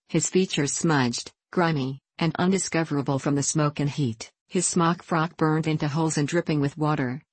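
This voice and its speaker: A woman narrating a classic novel in a measured reading voice, voicing each character with small shifts. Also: sits low, slightly rough, no echo. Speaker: audiobook narrator.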